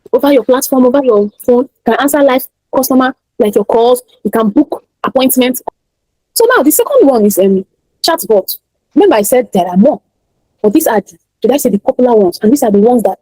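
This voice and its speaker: Nigerian woman instructor, rapid emphatic delivery, husky mellow tone, dry close sound, repeats points to drive them home. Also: on the high side, no echo, low-quality recording. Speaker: online class instructor. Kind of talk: teaching a class.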